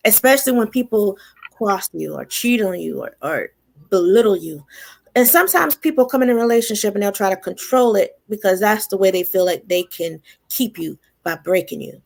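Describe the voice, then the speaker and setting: A woman tarot reader talking casually on a radio show, animated and affirming, often laughing. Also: medium pitch, normal speed, gravelly.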